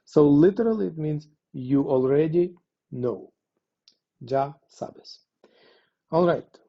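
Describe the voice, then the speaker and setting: A man's voice: fairly high pitch, animated, unhurried, vocal fry, muffled recording. A man teaching a Spanish lesson, explaining patiently with frequent fillers. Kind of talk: language lesson.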